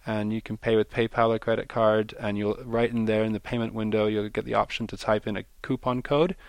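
A man appears as a guest on a radio interview, speaking as a film festival organizer, enthusiastic and often repeating words while he searches for them. His voice sits on the low side, smooth, a little fast and flat in delivery, on a dry recording.

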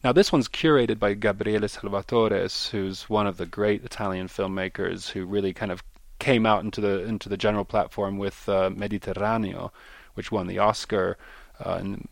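A man's voice: lowish voice, gravelly, dry recording. A man speaking as a festival organizer in a radio interview, enthusiastic and often repeating words as he searches for them. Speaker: film festival organizer, guest.

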